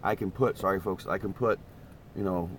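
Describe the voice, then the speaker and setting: A man's voice: low voice, normal speed, a little hiss or hum. Folksy, rambling man chatting in a camper van. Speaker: vlogger. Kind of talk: casual live-stream chat. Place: inside a parked camper van, wind outside.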